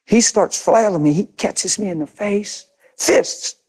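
A man's voice: sits high, measured pace, a little mellow, slightly rough. An older man preaching a sermon, telling a story with emphatic, intense repetition. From grew up in a city. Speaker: pastor.

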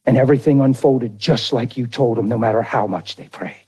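A middle-aged man preaching a sermon through an animated, folksy personal story. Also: mid-range voice, fairly quick, breathy edge. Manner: animated, folksy, drawls into dramatic retellings.

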